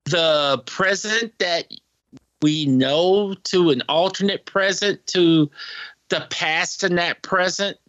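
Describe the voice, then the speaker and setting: Man, slow speech, bright voice, halting casual chat. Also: high voice, no echo, dull audio. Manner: hesitant, halting, laughs often. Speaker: podcast co-host.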